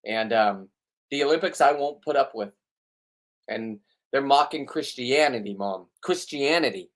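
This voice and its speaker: A man's voice: mid-range voice, lively intonation, measured pace. Blunt riled-up middle-aged man. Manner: blunt, riled up, rambling with restarts. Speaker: vlogger. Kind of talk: ranting casual monologue to camera.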